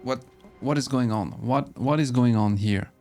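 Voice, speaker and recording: A man's voice: mid-range voice, normal speed, darkish tone, faint music behind. A man giving casual, joking commentary while playing a video game, reacting with curses. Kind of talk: casual let's play commentary.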